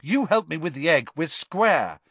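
Brief: man doing a hurt teenage wizard, high strained voice, snappish and breathless, dry close sound. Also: sing-song, normal speed, breathy edge, dry recording, exaggerated voice. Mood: panting, irritable. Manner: shouting spells, panting and irritable. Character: teenage boy wizard, injured, stubborn.

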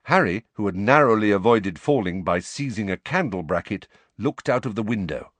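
A man reading a story aloud as an audiobook narrator, with expressive storytelling. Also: on the low side, moderate pace, no echo. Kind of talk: scripted narration.

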